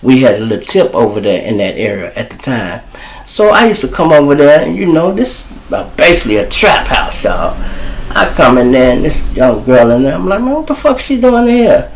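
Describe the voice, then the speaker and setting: A man with a Chicago accent, hosting his own show and telling a street story in casual slang, calling the listeners y'all and jumping high in pitch when he quotes people. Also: moderate pace, low-quality recording. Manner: animated, jumps to high pitch for quoted lines. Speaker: storyteller host.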